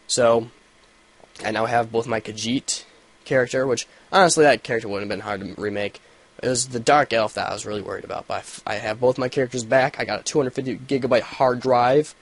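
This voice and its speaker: A young man telling a story in a casual vlog, swearing a lot and rambling, with sudden loud rants. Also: fairly low pitch. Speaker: gaming vlogger. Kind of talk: casual ranting vlog update.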